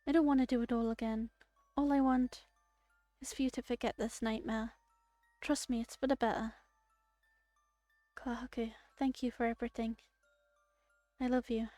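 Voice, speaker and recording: A woman's voice: fairly high pitch, steady tone, moderate pace, long pauses, dark tone, no room sound, faint music behind, natural voice. A woman voicing a heartbroken young woman in a game, reading her farewell lines tenderly and earnestly.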